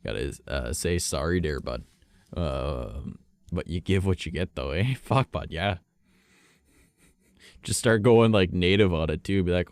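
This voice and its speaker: A man's voice: low voice, sing-song, unhurried, pauses often, dry recording. A man streaming live, chatting casually with viewers in a rambling way, swearing and laughing often.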